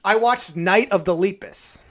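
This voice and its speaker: A man co-hosting a podcast, chatting casually, animated and quick to swear as he acts out reactions. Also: sits high. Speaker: podcast co-host. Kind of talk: casual chat.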